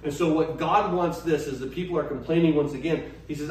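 A man's voice: a little high, fairly even intonation, fairly quick, few pauses. A man preaching a sermon as a pastor, emphatic, restarting phrases and putting questions to his listeners. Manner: emphatic, repeats and restarts, asks the congregation questions. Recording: echoey hall, mic at a distance, faint noise.

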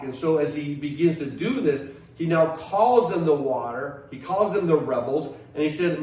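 A man's voice: a little high, expressive, normal speed, few pauses, a little mellow. A man preaching a sermon as a pastor, emphatic, restarting phrases and putting questions to his listeners. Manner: emphatic, repeats and restarts, asks the congregation questions. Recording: echoey hall, mic at a distance, faint noise.

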